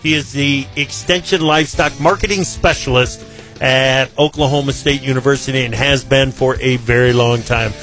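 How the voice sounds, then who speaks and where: A male host interviewing a guest, brisk and friendly, with joking asides. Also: mid-range voice, fairly even intonation, fairly bright tone, faint music behind. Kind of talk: casual interview hosting.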